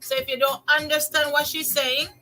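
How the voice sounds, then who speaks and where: An older Jamaican woman tells stories straight to her viewers in a casual, lively way, doubling up her phrases for emphasis and sliding into patois. Her voice sits high and sounds bright and ringing. Soft music plays faintly behind her. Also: moderate pace, poor audio. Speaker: vlogger. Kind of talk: casual storytelling monologue.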